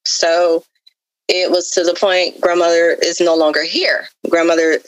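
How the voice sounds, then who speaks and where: A woman's voice: lowish voice, little pitch movement, a little slow, no echo, rough recording. A woman guest giving a heartfelt personal testimony, earnest and openly spiritual, with frequent fillers and repetition. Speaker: guest sharing her life story.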